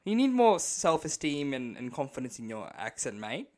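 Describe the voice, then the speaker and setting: A young man with an Australian accent co-hosting a casual podcast, jokey and quick to laugh. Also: mid-range voice. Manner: animated, laughs often, jokey. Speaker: podcast co-host.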